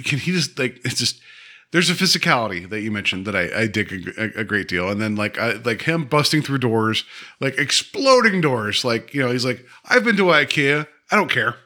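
A man co-hosting a podcast, talking about movies in an animated way, laughing often and breaking off mid-sentence. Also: medium pitch, moderate pace. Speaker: podcast co-host. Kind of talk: casual movie chat.

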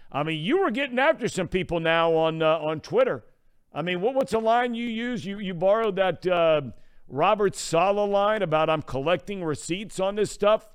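Excitable joking sports radio host, American man. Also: high-pitched, moderate pace, smooth. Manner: joking, excitable, lots of restarts. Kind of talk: casual sports talk.

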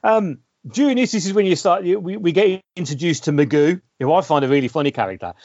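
A man's voice: fairly high pitch, animated, fast talker, a little mellow, dry recording. A man co-hosting a casual film discussion, rambling with many restarts and repeated words. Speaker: podcast co-host. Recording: dull lo-fi sound, dry.

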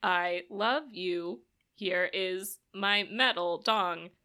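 A slow, flat robot voice of a male computer demon, as a woman puts it on. It comes out bright and forceful, with each word spaced evenly and no feeling in it. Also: on the low side, smooth, heavily acted. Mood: deadpan.

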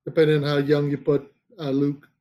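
A man's voice: a little high, monotone, a little fast, warm tone. A man co-hosting a casual podcast chat, rambling with restarts and searching for names as he talks. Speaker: podcast co-host.

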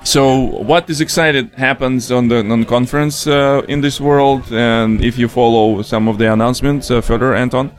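A man with a Russian accent hosting a casual podcast from a conference, speaking haltingly with many fillers. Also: medium pitch, steady tone. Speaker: podcast host. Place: conference venue.

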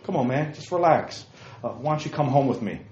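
A man's voice: medium pitch, expressive, brisk, darkish tone, slight background noise, close to an everyday voice. A man voicing a casual, persuasive ancient king who talks in a laid-back way, heard in a roomy, dull lo-fi recording. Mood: coaxing. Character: casual coaxing ancient king, male adult.

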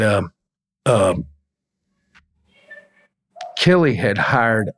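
A middle-aged man spins work stories as a podcast guest, loose and colloquial, acting out the other people's lines. His voice is gravelly, with a husky edge that stays through every line. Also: mid-range voice. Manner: colloquial, animated storyteller acting out quotes. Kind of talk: casual storytelling in an interview.

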